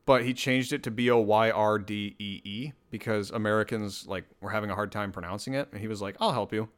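A man's voice: lowish voice, steady tone, a little fast, clean tone. A man hosting a podcast alone, talking casually in a rambling, self-deprecating way. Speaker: podcast host. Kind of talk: casual solo podcast chat.

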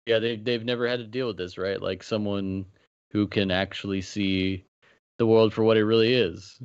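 A man muses over a film on a podcast, rambling loosely with many fillers. His voice is on the low side, and the recording sounds dry and a little dull. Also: normal speed, clear, resonant tone, dry recording. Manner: relaxed, filler-heavy musing. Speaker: podcast co-host. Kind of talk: casual podcast chat.

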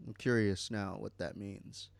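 A man with a low, gravelly voice co-hosts a podcast, reading from a list with light jokes. The sound is dry and close, with no room echo. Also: fairly even intonation, measured pace. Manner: reads from a list, light joking. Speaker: podcast co-host. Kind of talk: casual chat.

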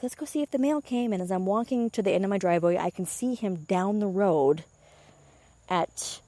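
A young woman and meditation teacher tells a story in a loose, chatty way. She acts out her own reactions and swears now and then. Her voice is mellow and warm, recorded close and dry. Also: mid-range voice, moderate pace, dry recording. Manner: chatty, animated retellings with swearing and laughs. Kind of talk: casual storytelling monologue.

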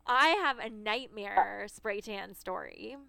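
A woman's voice: medium pitch, expressive, slow pace, creaky, sharp tone, dry recording. A woman in her thirties co-hosting a casual beauty chat, telling stories with frequent laughs. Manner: chatty storyteller, laughs often. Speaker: podcast co-host.

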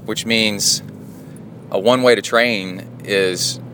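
A man hosting a podcast, telling a rambling casual story while driving, getting animated whenever he quotes other people. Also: fairly low pitch, takes it slowly, slight background noise. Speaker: podcast host. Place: car, driving.

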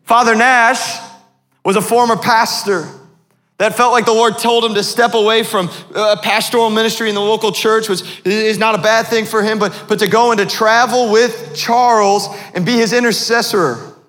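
A man's voice: sits high, fairly even intonation, normal speed, a bit bright, long reverb tail, soft background music. A man preaching a sermon as pastor, asking the congregation questions as he goes.

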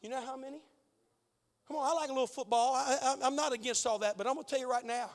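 A middle-aged male pastor preaching a fiery sermon, shouting at the peaks and dropping to hushed pleading in between. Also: very high voice, fairly even intonation, quick pace, long reverb tail. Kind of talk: fiery Pentecostal-style sermon.

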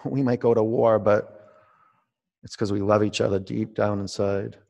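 Gravelly-voiced man leading a yoga class. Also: fairly low pitch, long reverb tail. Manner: relaxed, conversational, drawn-out cues. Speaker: yoga teacher. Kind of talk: guided yoga class instruction.

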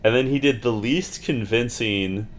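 A man's voice: mid-range voice, measured pace. Rambling man with lots of "like". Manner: rambling, heavy use of "like". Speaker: podcast co-host. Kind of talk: casual recap chat.

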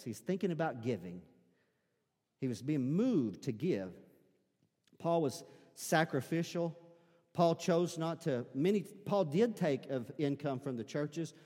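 A man with an Arkansas accent and a squeaky voice, a pastor preaching a sermon in a church, swinging between shouted preaching and quiet, intimate talk. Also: long reverb tail. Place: church sanctuary.

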